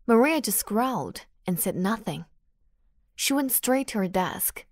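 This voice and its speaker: Slow, dry audiobook narration by a woman. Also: medium pitch, no room sound. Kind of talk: scripted narration.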